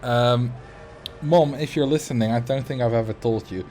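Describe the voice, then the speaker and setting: A man's voice: medium pitch, moderate pace, dark tone, soft background music. A man in his late twenties hosting a livestream, telling rambling anecdotes in casual chat. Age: late 20s. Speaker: livestream host.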